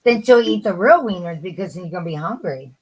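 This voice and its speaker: A woman with a somewhat low voice trades teasing, crude jokes in a relaxed live chat. She talks loosely and casually. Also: brisk, husky.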